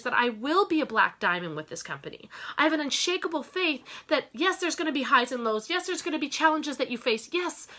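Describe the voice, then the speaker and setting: A woman delivering a motivational talk about her own business, with a bright, forceful tone. Her voice sits a little high. She hammers points home through repetition and speaks straight to her listeners as "you guys". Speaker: network marketing business owner.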